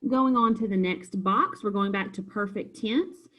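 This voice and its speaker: A woman's voice: medium pitch, measured pace, fairly bright tone, poor audio. A woman teacher patiently walking students through a homework review, step by step. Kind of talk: recorded homework review lesson.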